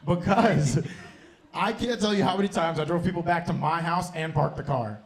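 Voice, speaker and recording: A young man with a fairly high voice works a comedy club crowd through a handheld stage mic. His set is loose and profane, and he keeps laughing at his own lines. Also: normal speed. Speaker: stand-up comedian and host.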